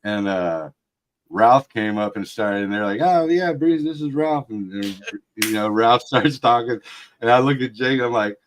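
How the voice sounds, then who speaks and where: A man's voice: fairly low pitch, steady tone, a little slow, fairly bright tone, slight background noise. Laughing man reminiscing with a friend. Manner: laughs often, swears casually. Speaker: guest. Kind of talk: casual chat.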